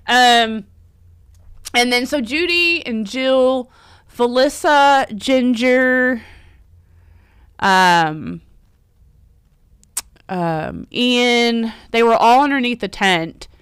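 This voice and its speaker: A middle-aged woman chats on a casual live stream, getting teary and laughing as she talks. Her voice is smooth and clear, recorded dry and close with no room sound. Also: medium pitch, fairly bright tone, dry recording. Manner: emotional, teary and laughing, chatty. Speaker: livestream host and horror store owner.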